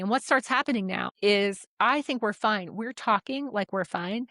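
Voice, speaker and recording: A woman, co-hosting a podcast and telling a story in a relaxed, candid way, acting out the dialogue and swearing casually. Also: mid-range voice, moderate pace, no room sound, clean studio sound. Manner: animated retelling, acts out quoted dialogue, swears casually. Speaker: podcast co-host.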